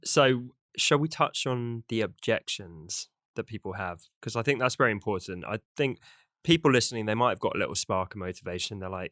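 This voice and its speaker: A man with a low but bright, forceful voice hosts a podcast, dry and close to the mic. He jokes easily and keeps the talk moving. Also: dry recording. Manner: brisk, joking, guides the discussion. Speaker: podcast host. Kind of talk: casual podcast chat.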